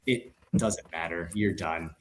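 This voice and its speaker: A man's voice: low voice, slow pace. A man co-hosting a sports podcast, talking casually with jokes, fillers and restarts. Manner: animated, joking, many fillers and restarts. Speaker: podcast co-host.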